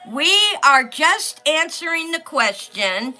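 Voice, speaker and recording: Slow-talking bright-voiced woman. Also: on the high side, animated, faint music behind. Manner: chatty, reads viewer comments aloud. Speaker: livestream host. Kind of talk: casual livestream chat while coloring.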